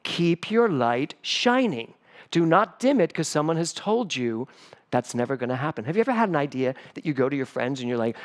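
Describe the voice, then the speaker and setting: A man's voice: a little high, fairly quick. A middle-aged man, the spiritual director of a church, giving a sermon full of personal stories and acting out the voices of people in them. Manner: animated, acts out voices in stories. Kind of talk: storytelling sermon. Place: church sanctuary, livestreamed service.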